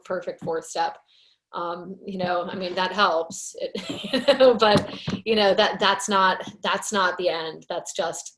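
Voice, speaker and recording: A woman teaching a recovery workshop in a relaxed, conversational way. She is earnest and loose, with plenty of fillers, and her voice sits at an ordinary middle pitch for a woman. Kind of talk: casual teaching talk with book reading.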